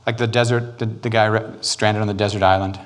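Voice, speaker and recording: A man, preaching a sermon on church history in an animated, joking way. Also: on the low side. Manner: animated, joking, quick asides and put-on quotes. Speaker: pastor.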